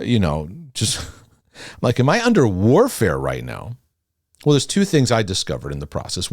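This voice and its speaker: A middle-aged man teaching casually about faith and mental health, dropping soft and low when he confides. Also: dry recording, clean studio sound. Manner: animated, drops soft and low when confiding, talks to God aloud.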